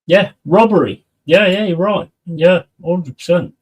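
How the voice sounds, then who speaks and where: A man's voice: sits high, a little slow, a little mellow, breathy edge, far from the mic. A man chatting casually on a live stream, reading out and answering viewers' messages and swearing freely.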